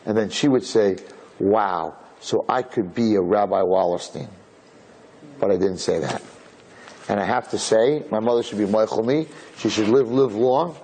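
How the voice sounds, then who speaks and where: A man, a rabbi, giving an inspirational talk to an audience, telling a story with lively acted-out dialogue and Hebrew and Yiddish terms. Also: on the low side, normal speed, breathy edge. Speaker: rabbi and speaker.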